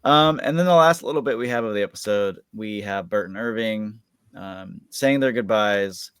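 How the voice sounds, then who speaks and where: A man with a fairly low voice walks through an episode recap in loose, rambling chat, stringing thoughts together with constant filler words. His voice sounds dry and close, with no room around it. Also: normal speed, a bit bright, clean tone, dry recording. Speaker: podcast co-host.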